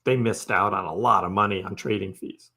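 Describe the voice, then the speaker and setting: A man's voice: sits low, steady tone, brisk, sharp tone. Laid-back man hosting a crypto live stream. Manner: chatty and laid-back, laughs often, talks to chat by name. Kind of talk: casual live stream chat, reading viewer comments.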